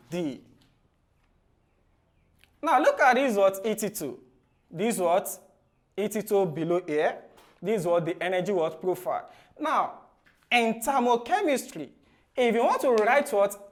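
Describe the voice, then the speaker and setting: A man teaching chemistry for exam preparation. He ends nearly every phrase with "what?" and then answers it himself in a low, soft voice. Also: very animated, a little slow, pauses often. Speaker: chemistry tutor. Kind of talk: exam-prep lesson.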